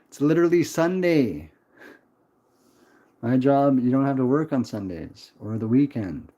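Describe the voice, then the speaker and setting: A man's voice: mid-range voice, dark tone. A man in his twenties chatting on a casual livestream, rambling, swearing and answering chat. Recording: dull lo-fi stream audio.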